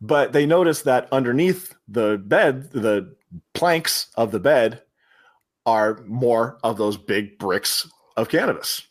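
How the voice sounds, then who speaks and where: A podcast host with a mid-range voice retells a movie scene by scene in casual, animated chat. He laughs often and slips into quick voices for the quotes.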